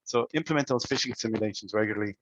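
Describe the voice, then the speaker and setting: A man's voice: on the low side, rapid-fire, fairly bright tone, a little hiss or hum, rough recording. A man presenting cybersecurity advice to business owners, speaking conversationally and asking many rhetorical questions.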